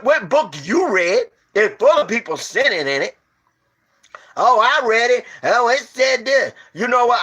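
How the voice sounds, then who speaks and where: Emphatic high-voiced man preaching informally. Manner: emphatic, repeats rhetorical questions, stumbles and restarts; storytelling, swinging from low to loud.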